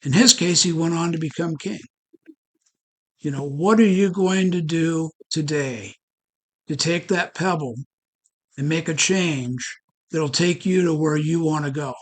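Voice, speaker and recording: Brief: male presenter at a networking meeting, motivational storytelling, lively. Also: a little high, measured pace, poor audio. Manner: animated, rhetorical questions.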